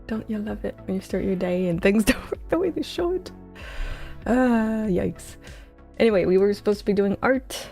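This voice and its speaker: A woman's voice: mid-range voice, expressive, normal speed, gravelly, darkish tone, soft background music. A woman livestreaming her game coding, chatting in a scattered, self-mocking way and sounding tired, close on a headset mic. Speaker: game dev streamer. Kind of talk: casual livestream chat.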